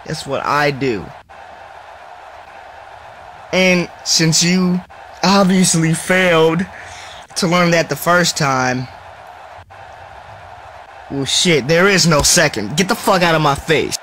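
A man's voice: on the high side, slow, pauses often, fairly bright tone, slight background noise, low-quality recording. A man playing a brash, cursing heel wrestler. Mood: menacing. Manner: profane, confrontational trash talk. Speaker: wrestler cutting a promo. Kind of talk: wrestling promo acting.

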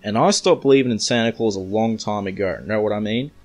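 Brash male caller, read by an Australian man, know-it-all, rhetorical asides, low voice. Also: fast, soft background music, lightly acted.

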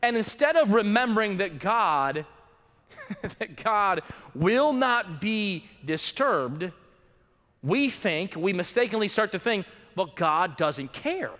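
High, bright-voiced preaching pastor man. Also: sing-song, takes it slowly, in a large hall. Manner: dynamic preaching, swinging from loud urgency to hushed low emphasis. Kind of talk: sermon. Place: church sanctuary.

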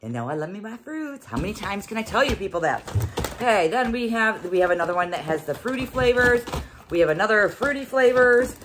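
A woman's voice: medium pitch, very animated, fast, noisy background. A middle-aged woman hosting a casual unboxing vlog, chatty and exclaiming as she thinks aloud. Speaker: host.

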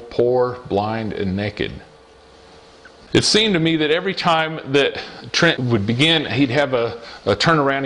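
A middle-aged man gives an earnest personal testimony sermon as a lay preacher, repeating phrases and slowing down for emphasis. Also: medium pitch, a bit bright.

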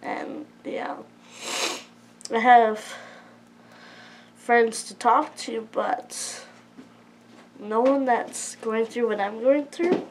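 A woman's voice: a little high, very slow, long pauses, noisy background. A woman of twenty, emotional and close to tears, talking hesitantly and apologetically at home in a personal confessional vlog. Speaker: vlogger.

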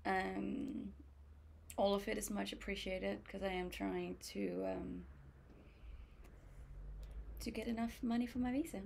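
Chatty young woman streamer, gravelly edge. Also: medium pitch, steady tone, unhurried, pauses often, a little mellow, a little hiss or hum. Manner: chatty, reads questions aloud and answers them. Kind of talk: casual chat reading viewer comments.

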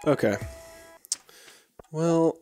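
A man chatting in a laid-back, deadpan way while playing a game. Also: on the high side, drawn-out words, soft background music. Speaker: gaming channel regular. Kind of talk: casual gameplay banter.

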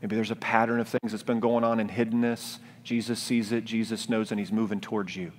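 A man preaching a sermon as pastor, speaking in a gentle, reflective, pleading way. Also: on the low side, flat delivery, brisk. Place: church sanctuary, live-streamed. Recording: long church-hall reverb.

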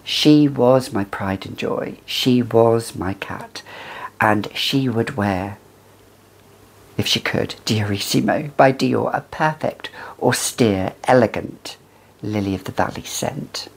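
A fragrance reviewer, musing in a halting, casual way and drifting into soft whispered asides. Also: medium pitch, gravelly, breathy edge.

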